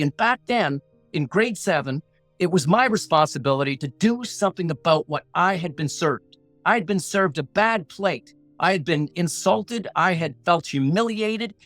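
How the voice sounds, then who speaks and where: A man's voice: sits high, a bit bright, dry recording. A middle-aged man telling a personal story as a guest, earnest and blunt, with a punchy motivational way of talking. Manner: earnest, punchy, acts out inner voices; blunt, plain-spoken. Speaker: podcast guest, negotiation coach.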